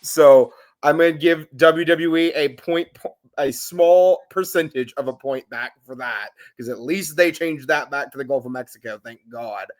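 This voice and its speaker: A man's voice: fairly high pitch, moderate pace. A man co-hosting a podcast, talking in a wry, conversational way and addressing people directly. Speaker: podcast co-host. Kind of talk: casual recap chat.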